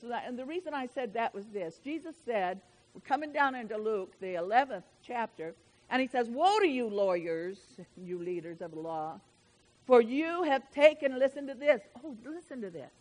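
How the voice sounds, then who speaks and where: A woman preaching a sermon in a folksy, emphatic way, swinging from loud declarations to soft asides. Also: fairly high pitch, animated, normal speed, rough recording.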